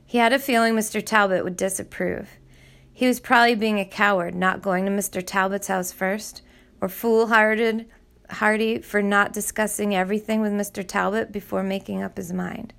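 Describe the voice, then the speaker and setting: A woman reads a novel aloud at a middle pitch, her voice carrying a gravelly rasp of vocal fry. She tells the story in a steady, measured way. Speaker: audiobook narrator. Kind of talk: scripted narration.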